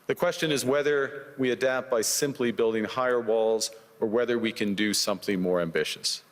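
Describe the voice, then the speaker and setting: A man from Canada delivering a formal prepared speech in a measured, deliberate, rhetorical manner, as a played-back clip. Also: medium pitch, big-room sound. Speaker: political leader giving a speech.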